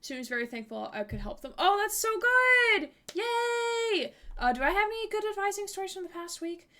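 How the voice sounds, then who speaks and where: Giggly high-voiced young woman streamer. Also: moderate pace. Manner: giggly, chatty, lots of "like" fillers, squeals when excited. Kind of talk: casual live-stream chat while gaming.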